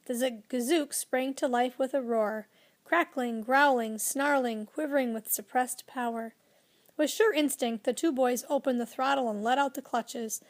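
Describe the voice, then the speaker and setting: A woman narrating a children's storybook with a lively, expressive reading. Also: fairly high pitch. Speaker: audiobook narrator.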